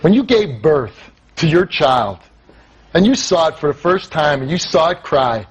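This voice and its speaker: A man's voice: fairly high pitch, lively intonation, measured pace, slightly rough, rough recording. A man hosting a talk show, confronting guests in a blunt, angry and accusing way.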